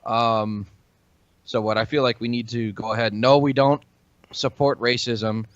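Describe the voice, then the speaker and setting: A man's voice: mid-range voice, flat delivery, measured pace, no echo, lo-fi sound. A man co-hosting a casual podcast, joking and rambling with frequent swearing. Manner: jokey, rambling, swears freely. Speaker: podcast co-host. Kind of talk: casual chat.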